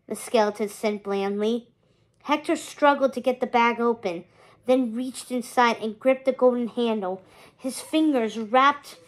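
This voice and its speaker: A woman teacher reading a chapter book aloud, in steady storytelling narration with small stumbles and restarts. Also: on the high side.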